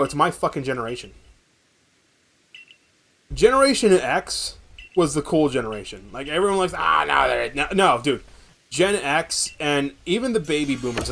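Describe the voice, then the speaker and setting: A man's voice: fairly high pitch, a bit bright. Profane, rambling twenty-something streamer guy. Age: 20s. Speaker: VTuber streamer. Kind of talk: casual game stream chat.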